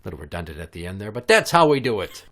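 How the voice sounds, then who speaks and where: A man hosting a comedy podcast, joking loudly and crudely, one moment booming like an announcer and the next mumbling. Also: sing-song, racing. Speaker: podcast host.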